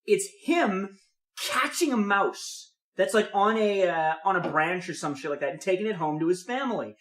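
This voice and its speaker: A young man on a podcast, telling a long story in casual chat with lots of swearing, animated and acting out what people said. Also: high-pitched, normal speed, reverberant. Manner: profane, animated storytelling with voiced reactions. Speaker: podcast co-host.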